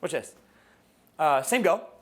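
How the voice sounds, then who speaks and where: Animated male dating coach. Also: on the high side, takes it slowly. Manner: casual, swears, quizzes the audience. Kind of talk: live seminar teaching.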